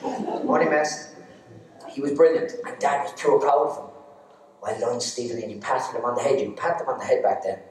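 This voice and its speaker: A man's voice: medium pitch, a little fast, darkish tone, slight background noise. A man with an Irish accent telling comic stories on stage in a cheeky, teasing way. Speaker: stand-up storyteller. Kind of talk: live comic storytelling. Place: arts centre stage. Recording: echoey hall, distant mic.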